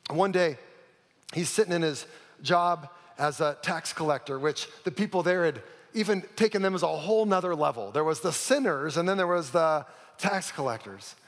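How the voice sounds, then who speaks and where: A man preaches in a somewhat high voice, telling his story dramatically and sinking to a hush at the key moments. His words trail off into the long reverb of a large church auditorium. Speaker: pastor. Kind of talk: sermon storytelling.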